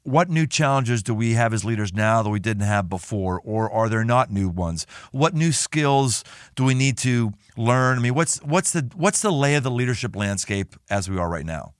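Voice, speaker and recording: A man's voice: mid-range voice, animated, normal speed, clear, resonant tone, no room sound, studio quality. A man hosting an interview podcast, asking questions energetically and repeating phrases as he thinks aloud. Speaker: podcast host. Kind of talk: casual interview.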